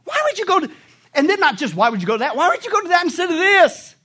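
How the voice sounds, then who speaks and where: A man preaching a sermon, animated, asking the congregation rhetorical questions and acting out quick mock voices. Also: very high-pitched. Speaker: pastor.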